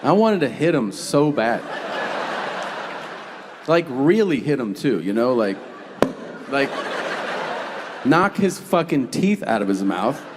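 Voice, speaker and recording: A man's voice: medium pitch, very animated, slow, pauses often. A man in his forties doing stand-up comedy on a theater stage, telling brash, profane stories into a handheld mic. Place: theater stage before a live audience. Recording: live hall reverb with audience noise.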